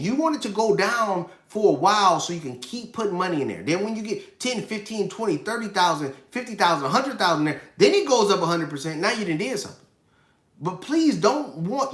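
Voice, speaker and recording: Male host in his 30s, emphatic casual livestream delivery, slightly high voice, roomy echo. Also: a bit bright. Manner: emphatic, repeats points, reads chat questions. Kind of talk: casual live finance stream.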